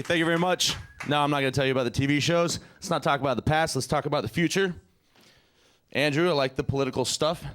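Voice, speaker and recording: A man doing a stand-up comedy set in a profane, ranting way. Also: on the high side. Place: comedy stage before a live studio audience.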